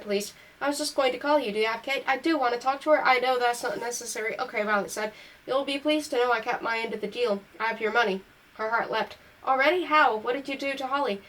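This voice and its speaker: A woman's voice: a little high, a bit bright, low-quality recording. A woman reading a novel aloud, correcting small slips as she goes and lifting her voice for the dialogue. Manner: reads on through slips and self-corrections. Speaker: audiobook reader.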